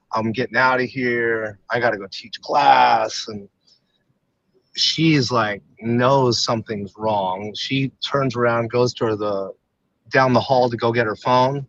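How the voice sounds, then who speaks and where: Man, podcast guest, frank and halting, ordinary mid pitch, dull dry recording. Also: a bit bright, dry recording. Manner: halting, open, many fillers and restarts. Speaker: podcast guest, retired MMA fighter. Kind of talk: candid personal storytelling.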